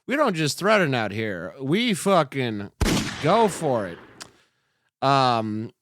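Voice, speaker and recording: A man's voice: mid-range voice, sing-song, slow, noisy background. A young man hosting a comedy podcast, reacting to news clips with sarcastic, profane, rambling commentary.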